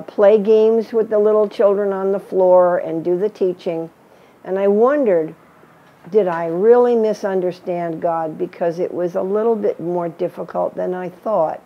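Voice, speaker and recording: A woman's voice: fairly low pitch, highs cut off. Older woman telling an earnest testimony. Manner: earnest storytelling, acts out quoted voices. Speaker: missionary teacher. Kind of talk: personal testimony.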